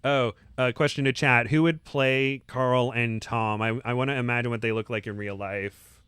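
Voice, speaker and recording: A man's voice: mid-range voice, fairly even intonation, moderate pace, a bit bright, clear, resonant tone, no echo. A man hosting a podcast where he reads a novel aloud and chats playfully between passages. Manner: playful, chatty, laughs easily. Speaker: podcast host. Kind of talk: reading a novel aloud, with casual chat.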